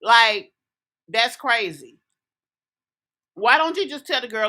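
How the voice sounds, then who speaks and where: A woman delivers reaction commentary in a bright, forceful voice that sits a little high. She scolds and lectures with indignation, speaking straight at the person she criticizes. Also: expressive, slow, pauses often. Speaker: commentary host.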